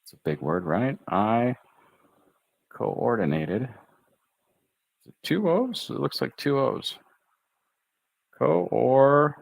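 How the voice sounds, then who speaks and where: Slow-spoken American man teaching pronunciation. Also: medium pitch, big pitch swings, vocal fry, husky, dry recording. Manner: slow, drawn-out enunciation of syllables; chatty, thinks aloud while writing. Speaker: English tutor. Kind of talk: livestream pronunciation lesson.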